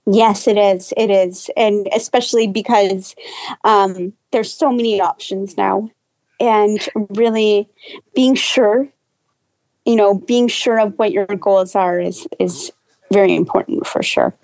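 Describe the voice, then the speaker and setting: A woman's voice: mid-range voice, steady tone, takes it slowly, a little mellow, rough recording. A woman real estate agent, a podcast guest, giving earnest advice to homebuyers in casual chat, with many "you know" restarts.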